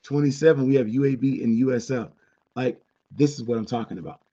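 Blunt, chatty man with a husky voice. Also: medium pitch, fairly even intonation, quick pace, mellow, muffled recording. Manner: candid, chatty, blunt opinions with asides. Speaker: podcast host. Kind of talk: casual sports podcast monologue.

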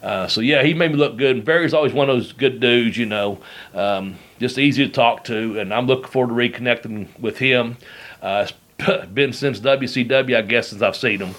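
A man's voice: mid-range voice, moderate pace, fairly bright tone. A middle-aged man hosting a podcast, telling rambling stories in casual chat and laughing as he goes. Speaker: podcast host. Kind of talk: casual storytelling.

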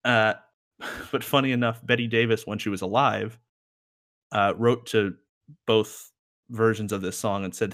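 A man's voice: lowish voice, steady tone, measured pace, fairly bright tone. A man co-hosting a casual music podcast, rambling and joking as he reviews songs. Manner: rambling, joking, laughs often. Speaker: podcast co-host.

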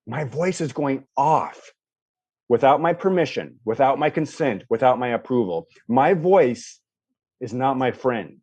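A man telling a story as a podcast guest, animated and acting out voices, with frequent restarts. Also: medium pitch, unhurried, husky, dry recording. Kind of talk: storytelling in a casual interview. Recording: dull lo-fi dry sound.

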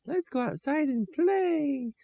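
A man voicing doting little children in a storybook, with a slow, cooing sing-song. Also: very high-pitched, lively intonation, mellow, voice pushed up, full character voice.

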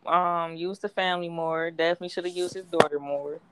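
A woman co-hosting a casual podcast chat, telling stories in a relaxed, slangy way. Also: lowish voice, a little fast, noisy background. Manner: laid-back, slangy storytelling. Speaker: podcast co-host.

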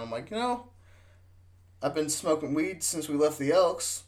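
A man's voice: on the high side, expressive, moderate pace. A man casually telling a rambling, profane road-trip story on a podcast, drunk and stoned, talking into a studio mic. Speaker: podcast co-host.

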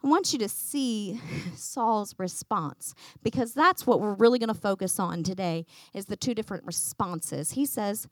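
A woman teaching a Bible lesson to a congregation, animated and acting out the quotes. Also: mid-range voice, normal speed, dry recording. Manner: animated, acts out quotes, laughs often.

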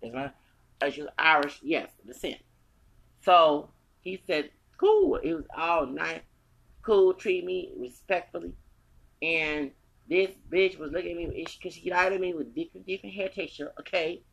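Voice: mid-range voice, fairly even intonation, normal speed, creaky, fairly bright tone, rough recording. An American podcast host in their forties, ranting in a profane, confrontational, repetitive way. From United States. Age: 40s.

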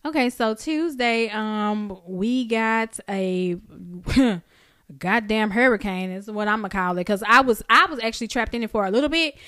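A woman co-hosting a podcast, telling a story in casual chat, animated and profane, jumping high in pitch when she acts out her own reactions. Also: moderate pace, clean tone. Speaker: podcast co-host.

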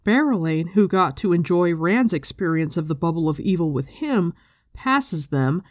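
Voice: mid-range voice, animated, normal speed, no room sound, clean studio sound. A host casually recapping a book with blunt, profane chat, mixed with reading passages aloud.

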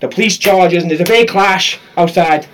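High-pitched male podcast host, animated comic storyteller who laughs through his tales. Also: normal speed.

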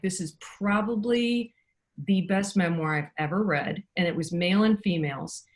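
Middle-aged woman telling stories animatedly. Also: lowish voice. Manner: animated, acts out quoted voices. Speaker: podcast guest, author. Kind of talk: casual storytelling.

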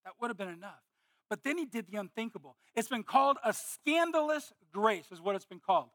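A man preaching a sermon, moving between earnest teaching and animated, exclamatory storytelling with sudden loud bursts. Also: high voice, fairly quick, no echo, studio quality. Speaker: pastor.

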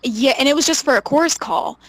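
A young woman telling stories casually as an interview guest, animated, laughing often and acting out what people said. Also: high-pitched, fast, poor audio. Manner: animated, laughs often, acts out quoted voices. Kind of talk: casual storytelling.

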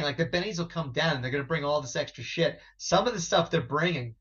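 A man's voice: a little high, quick pace, a bit bright, muffled recording. A man co-hosting a podcast in a casual, joking way, teasing his friend and jumping into comic bits. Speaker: podcast co-host. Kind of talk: casual banter.

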